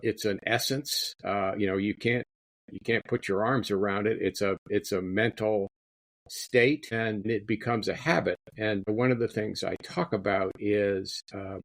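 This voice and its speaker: Deep-voiced man, rambling author guest. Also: steady tone, a little slow, no room sound. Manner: rambling, repeats his words. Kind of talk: interview conversation.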